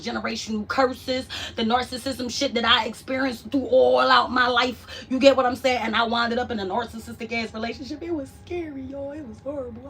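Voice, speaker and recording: A woman's voice: a little high, recorded from a distance, slight background noise. Profane chatty woman vlogging from afar. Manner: loose, profane, chatty with viewers, drifting between soft murmur and loud bursts. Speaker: vlogger hosting a live stream. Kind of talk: casual live-stream chat. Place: at home.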